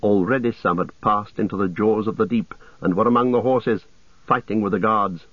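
A man narrating an audiobook in a steady, measured way, over a tinny radio-like sound. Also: fairly low pitch, no room sound.

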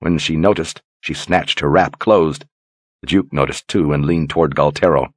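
Man, audiobook narrator, low voice, dry close recording, measured. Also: no room sound. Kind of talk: scripted narration.

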